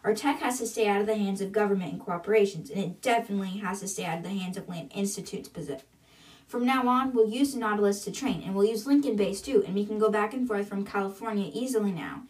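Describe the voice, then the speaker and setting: A woman's voice: medium pitch, fast, darkish tone, natural voice. A woman voicing a shy, nervous teenage girl finding her courage, speaking hesitantly, a bit far from the mic. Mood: earnest.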